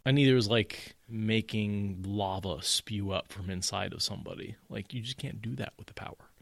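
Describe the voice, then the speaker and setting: Animated low-voiced man discussing a book. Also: normal speed, vocal fry, no echo. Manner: animated, quotes characters in mocking voices. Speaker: podcast co-host.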